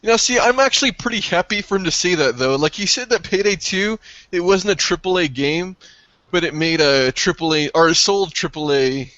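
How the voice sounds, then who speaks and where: A man co-hosting a casual gaming podcast, excitable and profane, breaking into yelps when something thrills him. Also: sits high, brisk, no room sound, muffled recording. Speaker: podcast co-host.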